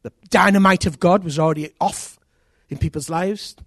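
This man's voice sits high and moves at a moderate pace, captured in studio quality with no room sound. Preaching a sermon, he relates conversion stories with animation, voicing the characters and repeating key phrases.

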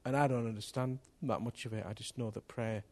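A man preaching to his church in a fervent sermon. His middle-pitched voice swings between quiet, reflective asides and loud, rising bursts of fervour. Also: steady tone, a little fast. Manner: impassioned, rising to loud outbursts. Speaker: pastor. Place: church hall with congregation.

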